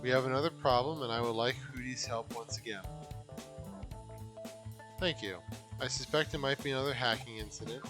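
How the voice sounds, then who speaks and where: A man voicing a worried aquarium manager in a video game, polite and pleading. His voice sits in a middle pitch. Game music plays clearly behind him. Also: normal speed, pauses often, lightly acted.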